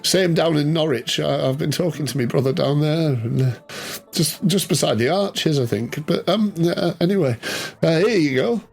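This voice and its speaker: A man's voice: fairly high pitch, moderate pace, gravelly, a little mellow, breathy edge, voice pushed up. A man voicing a flustered, chatty male sweet-shop keeper who stammers and hesitates.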